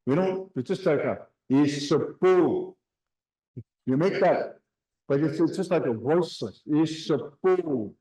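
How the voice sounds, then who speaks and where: Slow-spoken man teaching in an echoey room. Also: on the high side, expressive, dark tone. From Canada. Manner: slow, drills words and has the class repeat them. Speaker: language teacher. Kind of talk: classroom language lesson.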